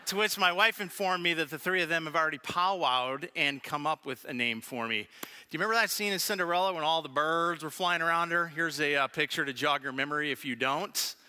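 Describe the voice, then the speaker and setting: A man preaching a sermon as pastor, telling funny family stories with lively animation. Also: on the high side, a little fast, clear, resonant tone. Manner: storytelling with humor, animated. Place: church sanctuary.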